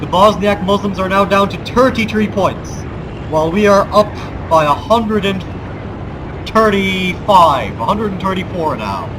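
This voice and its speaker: High-voiced and animated, this Balkan let's play gamer talks a little slowly through a put-on American accent. He riffs on the gameplay with pompous mock war speeches and wry asides, with loud game ambience and vehicle sounds underneath.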